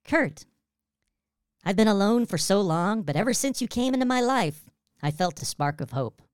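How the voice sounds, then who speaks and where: A man's voice: high voice, animated, moderate pace, clear, resonant tone, no echo, studio quality, voice pushed up. A man voicing a lonely, lovesick female ghost in a comedic script reading, his voice shifted to sound female in editing. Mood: longing.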